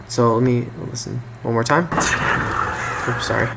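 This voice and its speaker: A man talking through language points in a loose, unscripted way, pausing and restarting as he thinks. His voice sits at an everyday middle pitch, with a faint hiss of noise behind him. He sounds like someone recording at a home desk. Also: steady tone, vocal fry. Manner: thinking aloud with frequent ums and restarts. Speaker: language tutor. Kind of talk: casual explainer commentary.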